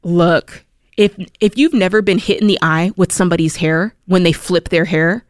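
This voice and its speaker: A woman co-hosting a call-in money show from a studio, chatting casually, emphatic and quick to laugh. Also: on the low side, no echo. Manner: expressive, laughs easily, emphatic.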